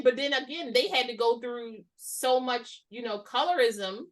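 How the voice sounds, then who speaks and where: A woman hosting a casual conversation, animated and chatty, laughing easily. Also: a little high, unhurried, distant mic. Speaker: host.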